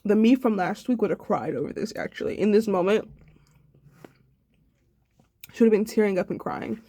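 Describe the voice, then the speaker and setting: A woman's voice: medium pitch, moderate pace, mellow, no room sound. A sad, subdued young woman in a personal video diary, talking reflectively and rambling with many fillers. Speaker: vlogger.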